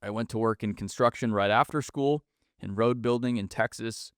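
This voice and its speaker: A man's voice: medium pitch, normal speed, no room sound, clean studio sound. A man, hosting a solo podcast in a blunt, sarcastic way that mocks corporate speak. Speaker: podcast host.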